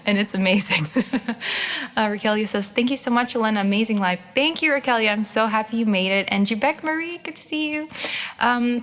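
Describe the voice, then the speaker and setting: A young woman hosting a casual livestream, chatty and laughing often, swearing freely and jumping into animated quoted voices. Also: mid-range voice. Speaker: podcast host and skincare business owner.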